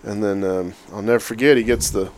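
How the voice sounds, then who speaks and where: A man who leads a youth outdoors program, telling a long story in a relaxed, rambling way with lots of fillers. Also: lowish voice, brisk. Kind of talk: casual storytelling chat.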